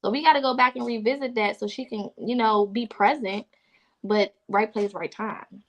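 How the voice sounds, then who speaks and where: A woman with a fairly high voice lectures her listeners with emphatic, preachy conviction. She is blunt and unafraid to swear, punching her key points home in a casual spiritual chat. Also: fairly even intonation, normal speed. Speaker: podcast co-host.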